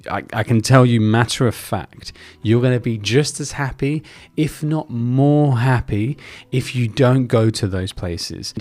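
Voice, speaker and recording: A man's voice: mid-range voice, measured pace, a little mellow, dry recording, soft background music. A man in his thirties, a Christian video host, giving earnest commentary to his viewers and reading aloud from scripture. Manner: earnest, persuasive. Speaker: Christian YouTuber.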